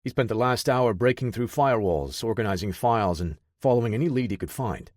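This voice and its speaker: Guy reading an audiobook, lowish voice, steady and even, dry close sound. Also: a little fast, dry recording. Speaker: narrator. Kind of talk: audiobook narration.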